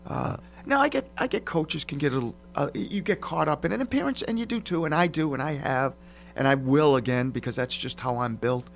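A middle-aged man hosting a casual talk show, telling stories in a lively way. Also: on the high side, a little fast, vocal fry, a little hiss or hum. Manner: lively storyteller, laughs while telling. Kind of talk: casual podcast chat.

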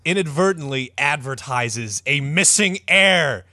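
Give me an animated man with a bright voice, hamming up a story for a podcast. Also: fairly high pitch, measured pace, no echo, studio quality. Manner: animated, mock-dramatic retelling. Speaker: podcast host. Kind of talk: comedic storytelling.

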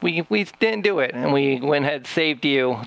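A man playing his character in a tabletop game, chatty and excitable, laughing often. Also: on the high side, moderate pace, gravelly, no echo, lo-fi sound. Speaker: player.

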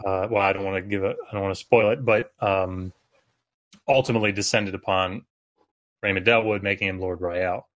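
Guest expert, adult male, lowish voice, halting explainer with lots of ums. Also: a bit bright. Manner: hesitant, many fillers. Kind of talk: casual podcast chat.

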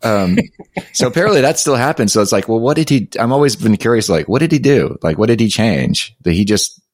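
A man's voice: mid-range voice, animated, fast talker, dry recording, clean studio sound. A man co-hosting a podcast in casual chat, hesitant and restarting his sentences often. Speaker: podcast co-host.

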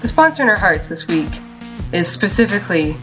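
A woman's voice: on the low side, very animated, brisk, fairly bright tone, faint music behind, poor audio. A young woman co-hosting a podcast, chatting casually, laughing often and swearing freely. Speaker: podcast co-host.

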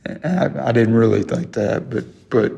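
A man's voice: medium pitch, normal speed, creaky, warm tone. Older man spinning a folksy yarn. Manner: folksy storyteller who laughs through the tale. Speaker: sportswriter telling a story as guest. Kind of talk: casual anecdote in an interview. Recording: long hall reverb.

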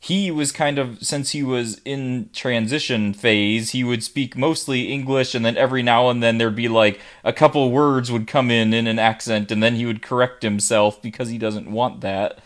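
A man's voice: mid-range voice, fairly even intonation, moderate pace, hardly any pauses. Hesitant man in a casual movie chat. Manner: hesitant, restarts sentences. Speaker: podcast co-host.

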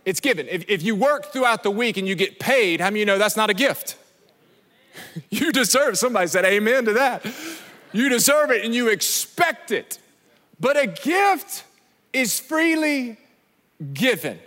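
Male pastor, emphatic sermon, high piercing voice, rings through a church hall. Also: lively intonation, normal speed, a bit bright. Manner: emphatic, repeats himself, asks the crowd questions. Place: church sanctuary. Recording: long reverb of a large church hall.

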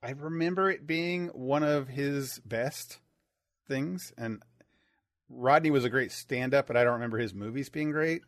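A man's voice: medium pitch, unhurried, fairly bright tone, no room sound, studio quality. A man co-hosting a podcast in casual chat, often stumbling and restarting his words. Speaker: podcast co-host.

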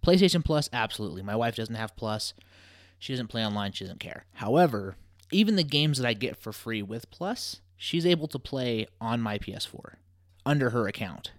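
A man's voice: medium pitch, expressive, moderate pace, no room sound. Man, podcast co-host, dry room; casual, confident, joking. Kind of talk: casual chat.

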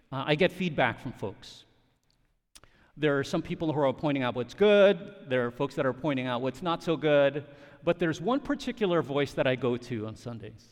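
A man preaches a sermon in a high, animated voice. He swings from loud, emphatic peaks down to soft, hushed passages. His words ring out with a long reverb, as in a church hall. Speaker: pastor.

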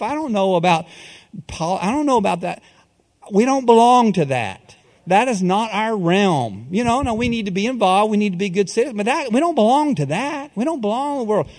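A man preaching a sermon as pastor, folksy and animated, slipping into a coach's pep-talk manner. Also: high-pitched. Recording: long hall reverb.

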